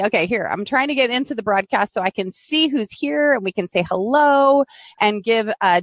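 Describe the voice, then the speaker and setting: A woman's voice: fairly high pitch, a bit bright, dry recording. Bubbly teasing American woman host. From United States. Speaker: podcast host. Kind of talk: live-streamed podcast interview.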